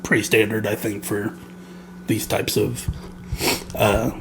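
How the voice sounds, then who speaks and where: A man's voice: fairly low pitch, little pitch movement, slow, vocal fry. Male co-host, casual game podcast, rambling and laugh-prone, faint room noise. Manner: laughs often, rambling with many fillers. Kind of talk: casual game review chat.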